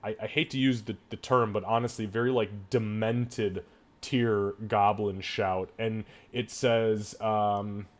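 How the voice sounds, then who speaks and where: Male game master, lowish voice, online session, hesitant, filler-heavy delivery. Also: fairly even intonation. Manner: halting, lots of fillers and restarts while narrating. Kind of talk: running a tabletop game online.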